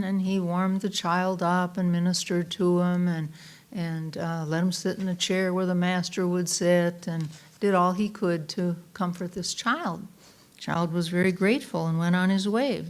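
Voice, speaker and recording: A woman minister giving a conversational Sunday talk, telling a story in a relaxed way with fillers and restarts. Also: on the low side, moderate pace. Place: church sanctuary.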